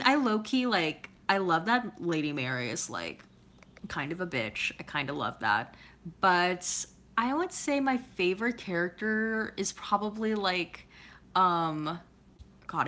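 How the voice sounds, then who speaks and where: A woman's voice: on the low side, a bit bright. A woman from California chatting casually as she answers viewer comments, rambling with lots of filler words and laughing often. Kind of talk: casual chat.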